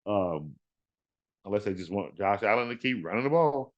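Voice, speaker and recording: A man hosting a fantasy football podcast in casual talk, animated and trash-talking, repeating words for emphasis. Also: on the low side, moderate pace, dull audio.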